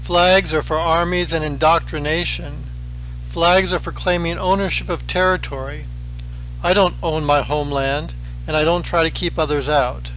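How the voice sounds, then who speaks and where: Bright-voiced man lecturing with dry wit. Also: fairly high pitch, moderate pace, soft background music, rough recording. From western United States. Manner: dry, wry delivery with deadpan asides. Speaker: professor. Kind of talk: recorded lecture with slideshow.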